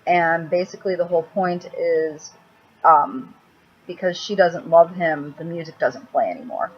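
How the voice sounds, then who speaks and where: A woman's voice: on the low side, expressive, normal speed. A woman rambling bluntly and crudely in a casual makeup vlog, recorded at home on a laptop mic. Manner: blunt, crude, cranky, swears freely. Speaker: makeup vlogger. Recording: slightly dull laptop audio with faint hiss.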